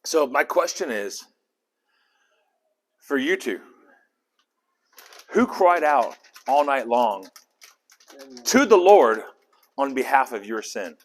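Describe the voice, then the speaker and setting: A man leading a casual Bible study, animated and conversational, often asking the group questions. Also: medium pitch, slow, pauses often.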